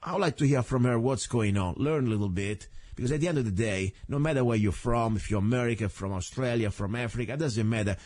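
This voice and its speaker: Animated Italian-accented radio host. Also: male voice, medium pitch, quick pace, hardly any pauses, no room sound, clean studio sound. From Italy. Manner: animated, rambling, non-native phrasing. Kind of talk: talk radio monologue and interview.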